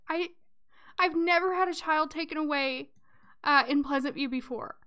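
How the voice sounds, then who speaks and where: A woman's voice: high voice, normal speed, sharp tone. A woman hosting a let's play, commenting casually on her game and reacting with dramatic emotion while addressing viewers.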